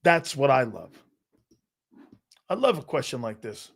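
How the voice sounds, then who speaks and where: A middle-aged Connecticut man hosts a live sports talk show, telling personal stories with animated emphasis and swearing freely. His mid-range voice is gravelly and measured in pace.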